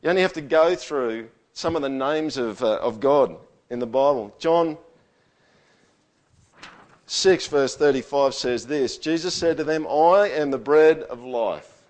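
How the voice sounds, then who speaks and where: Pastor preaching, soft to booming. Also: male voice, unhurried. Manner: preaches with big swings, booming quotes then dropping to near-whispers; asks the congregation for agreement. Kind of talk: sermon. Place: church hall with live sound. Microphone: stage microphone through a sound system.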